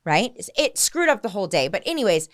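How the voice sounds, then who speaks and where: A woman's voice: medium pitch, sing-song, fast. A woman co-hosting a casual podcast, telling stories animatedly and laughing often. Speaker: podcast co-host, listing agent.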